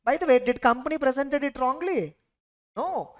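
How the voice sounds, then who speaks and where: A woman lecturer with an Indian English accent, her voice sitting a little high. She teaches an exam revision class emphatically, repeating points and checking understanding with quick questions. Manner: emphatic, drills students with repeated rhetorical questions. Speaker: audit lecturer.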